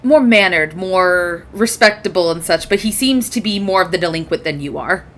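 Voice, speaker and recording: A woman's voice: fairly low pitch, expressive, normal speed, a bit bright. A woman narrating a tabletop game as game master, casual and giggly, with frequent fillers.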